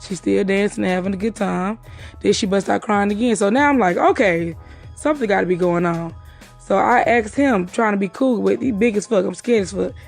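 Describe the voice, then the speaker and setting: Recounting a night out, a woman talks fast, swears freely, and acts out what other people said. Her mid-range voice has vocal fry and a slightly mellow quality, with faint music behind her.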